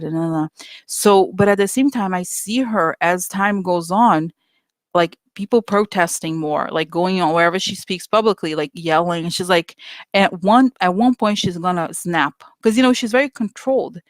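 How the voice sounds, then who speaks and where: A chatty vlogger rants at viewers with open exasperation, stumbling through fillers and restarts. The voice sits in a middle pitch. It is recorded close and dry, with no room sound. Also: moderate pace, dry recording. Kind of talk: casual opinion rant to viewers.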